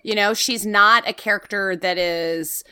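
A woman co-hosting a casual podcast chat about a TV series, animated, laughing often and swearing casually. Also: medium pitch, unhurried, clean tone, dry recording, studio quality. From Latina heritage, not a place. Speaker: podcast co-host reviewing a TV series.

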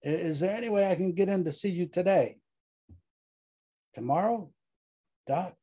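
A man performs a haunted veteran platoon leader with a husky, warm voice pitched above his own. The figure pleads and breaks with grief and anger, a stage monologue read aloud with raised pitch and push. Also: normal speed. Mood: pleading. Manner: pleading, exasperated, grief-stricken.

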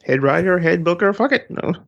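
A man chimes in with jokes and swearing in a casual podcast chat. His voice is husky. The audio is dull and lo-fi, with the highs rolled off. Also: animated, a little fast. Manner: joking, swearing. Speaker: podcast co-host.

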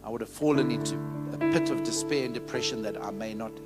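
A man's voice: medium pitch, quick pace. A man preaching a sermon as pastor, fervent and candid, leading the congregation in call-and-response and sharing his own testimony. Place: church service. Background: piano music.

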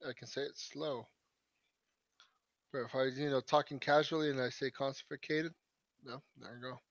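A man co-hosting a podcast in casual chat, laid-back and quick to swear. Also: medium pitch, fairly even intonation, no room sound, muffled recording. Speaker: podcast co-host.

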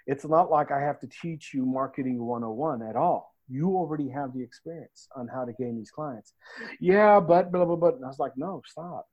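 A man talks in an easy, casual way, coaching his listeners on handling stress. He tells stories and acts out the people he quotes, and his voice sits at an ordinary middle pitch. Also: brisk, hardly any pauses, muffled recording. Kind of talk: casual podcast talk.

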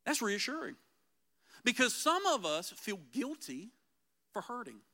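A man preaching a conversational sermon as pastor, earnest and emphatic, slowing down to repeat key phrases. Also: very high-pitched, very animated, pushed and bright.

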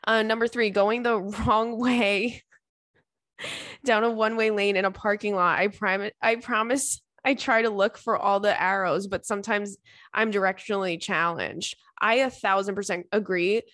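A woman's voice: medium pitch, steady tone, normal speed, fairly bright tone, no room sound. Give me a young woman chatting casually on her podcast, rambling with lots of likes, recorded dry. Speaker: podcast host. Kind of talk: casual chat reading listener messages.

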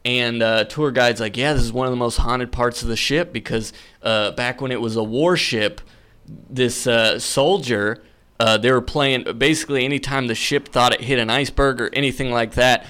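A young man recounts a ghost story in relaxed podcast conversation. He leans on fillers and restarts, and his voice jumps when he acts out the scary moments. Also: mid-range voice, moderate pace, clean tone. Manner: animated, filler-heavy storytelling. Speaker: podcast guest. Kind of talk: casual storytelling.

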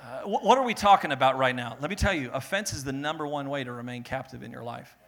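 Young man preaching, bright voice, animated, swings between loud and hushed. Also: medium pitch, fast, gravelly. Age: young adult. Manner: animated, laughing, builds to loud peaks then drops to soft earnest tone. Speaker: pastor. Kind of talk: sermon.

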